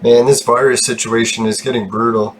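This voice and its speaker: A man chats casually as he hosts his own gaming channel, rambling and swearing freely with frequent laughs. His voice sits at an ordinary middle pitch. A faint hiss runs under the recording. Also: level tone, a little fast. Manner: chatty, swears a lot, laughs often. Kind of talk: casual gameplay commentary.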